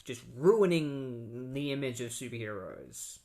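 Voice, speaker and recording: A man's voice: medium pitch, animated, measured pace, a little mellow, close to an everyday voice. A man voicing a gleeful male supervillain who cackles and gloats over his scheme.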